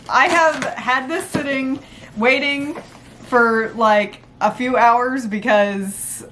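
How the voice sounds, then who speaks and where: High-voiced gushing young woman vlogger. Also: a bit bright, slight background noise. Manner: gushing, squealing, rambling with fillers. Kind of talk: excited unboxing vlog.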